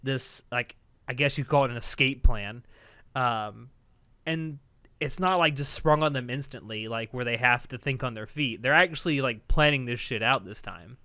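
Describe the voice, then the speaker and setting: A man co-hosting a podcast in relaxed, casual chat, chuckling and swearing casually. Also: medium pitch, moderate pace, dry recording, clean studio sound. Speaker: podcast co-host.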